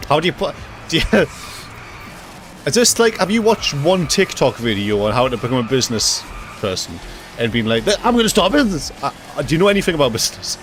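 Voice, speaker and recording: A man's voice: mid-range voice, sing-song, brisk, a bit bright, a little hiss or hum. Young guy streaming a game, jokey rants, voice bouncing all over. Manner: jokey, ranting, reacts to chat, swears casually. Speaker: livestreamer. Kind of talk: casual gaming livestream chat.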